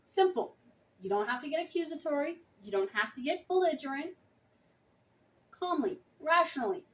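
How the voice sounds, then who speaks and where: A woman's voice: high voice, expressive, normal speed, fairly bright tone, distant mic, rough recording. A woman vlogger speaking passionately and emphatically, addressing her viewers directly. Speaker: vlogger reviewing a book. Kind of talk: earnest direct-to-camera talk.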